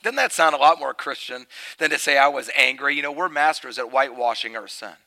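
A middle-aged man preaching a sermon. He tells a family story, then turns loud and emphatic. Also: medium pitch, fairly quick, vocal fry, low-quality recording.

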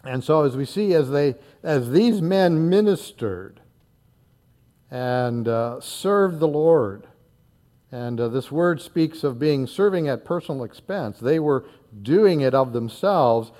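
A man's voice: on the high side, expressive, takes it slowly, mellow. A man in his sixties from northern Indiana, preaching a sermon in an earnest, conversational way with frequent fillers and repeated words. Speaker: pastor.

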